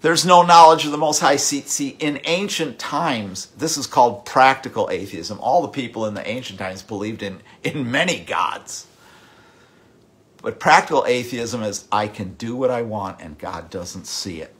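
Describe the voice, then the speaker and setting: A middle-aged man preaching a sermon with passion, repeating words, swinging from loud outbursts to hushed, whispered lines. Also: fairly low pitch, animated, unhurried. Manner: impassioned, with repeated words and sudden drops to a hush. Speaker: pastor.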